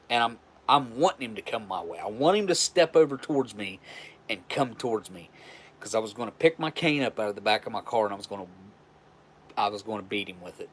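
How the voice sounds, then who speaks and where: A man's voice: on the low side, animated, fairly quick, husky. A man hosting a live stream, telling a story in a frank, rambling way with profanity and frequent restarts. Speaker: livestream host.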